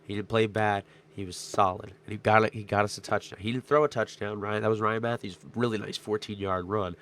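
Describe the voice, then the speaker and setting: A young man with a stuffed-up nose, his voice strained from yelling, rambling excitedly through a casual sports recap vlog. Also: fairly low pitch, fairly quick. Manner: rambling, excitable, many fillers. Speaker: sports vlogger.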